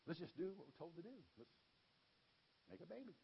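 A man's voice: high voice, very animated, fairly quick, gravelly, slight background noise, heavily acted. A man voicing an enthusiastic, sensible young wife who talks in a bubbly way. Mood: excited. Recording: dull lo-fi recording.

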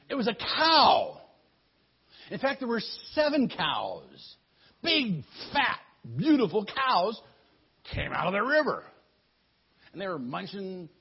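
A man telling a Bible story in an animated way, often repeating words as he goes. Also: high voice, slightly rough. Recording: dull lo-fi recording.

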